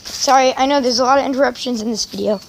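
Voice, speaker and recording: A woman with a high, bright-pitched voice rambles casually to her viewers from a sunny yard. She drifts between asides and ums, and slips into a sing-song coo when she greets her pets and chickens. Faint noise sits behind her. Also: fast talker. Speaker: vlogger. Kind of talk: casual vlog chat.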